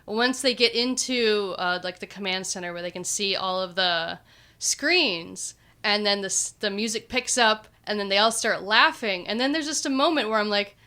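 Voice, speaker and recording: A woman's voice: mid-range voice, moderate pace, pushed and bright. A woman in casual podcast chat, talking through her mixed feelings in a reflective way. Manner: reflective, conflicted.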